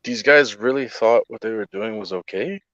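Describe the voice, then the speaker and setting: A man's voice: fairly low pitch, normal speed, a bit bright, no room sound, muffled recording. A man co-hosting a podcast, teasing and laughing a lot in casual banter. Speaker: podcast co-host.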